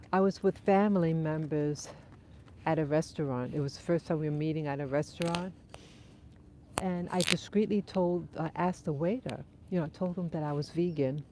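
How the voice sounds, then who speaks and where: A woman's voice: low voice, moderate pace, dark tone, slight background noise. A woman hosting a live stream on an outdoor dog walk, talking things over in a thoughtful, conversational way and answering viewers' comments, with a runny nose. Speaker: livestream host.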